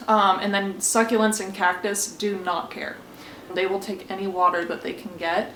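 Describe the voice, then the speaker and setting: A woman's voice: medium pitch, flat delivery, moderate pace, a bit bright, slight background noise. Chatty woman in a roomy echo. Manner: chatty, conversational, asides to the viewer. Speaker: plant care vlogger. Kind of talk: casual how-to demonstration.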